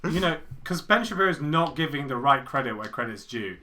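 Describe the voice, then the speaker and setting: A man's voice: medium pitch, expressive, fairly quick, crowd noise. A young man co-hosting a casual group commentary, talking in a dry, mock-earnest, sarcastic way. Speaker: co-host.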